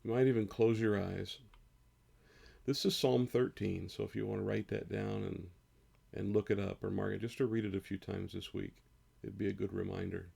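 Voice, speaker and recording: A man in his fifties, a pastor, speaking earnestly and slowly in a devotional sermon and reading scripture aloud. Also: fairly low pitch, fairly even intonation, warm tone. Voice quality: gravelly, husky. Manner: slow, earnest, rises on emotional lines.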